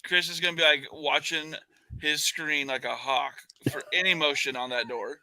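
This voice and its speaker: Bright, higher-voiced joking man. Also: moderate pace, no room sound. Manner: joking, animated, profane. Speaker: podcast co-host. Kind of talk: casual chat.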